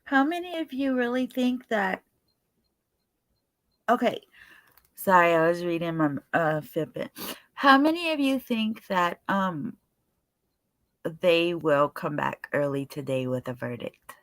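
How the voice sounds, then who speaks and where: A woman's voice: lowish voice, lively intonation, no room sound. A tired young woman, hosting a casual livestream chat and greeting viewers by name. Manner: greets chatters by name, chatty and unhurried. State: tired, yawning. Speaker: livestream host.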